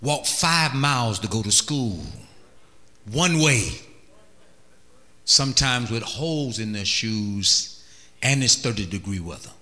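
A man's voice: slow, pauses often. A man preaching a sermon, exhorting the congregation and mimicking voices. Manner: animated, exhorting, mimics voices in high pitch.

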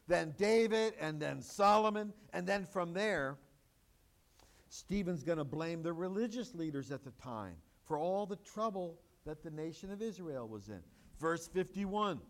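A man's voice: high-pitched, vocal fry. A man preaching a sermon, mixing conversational asides and rhetorical questions with emphatic, rising exclamations. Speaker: pastor.

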